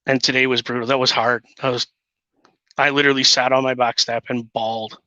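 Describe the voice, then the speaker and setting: A man's voice: medium pitch, flat delivery, fairly quick, bright, forceful tone, no room sound. A man talking earnestly and emotionally as a guest father in casual chat. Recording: dull lo-fi sound.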